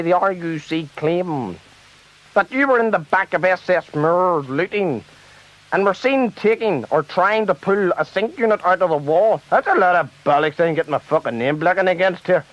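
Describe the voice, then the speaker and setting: A flustered Northern Irish TV presenter, played by a man, fusses to keep order in a rowdy debate. His voice is pitched high, and the recording sounds dull and lo-fi. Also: no room sound. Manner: fussy, trying to keep order.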